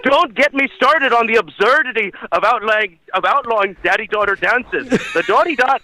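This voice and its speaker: A man's voice: very high voice, full character voice, poor audio. A man calling in by phone and doing an impression of a pompous, self-important lecturing professor. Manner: mock-solemn lecturing, then shouting rants. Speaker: call-in caller. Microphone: phone call-in.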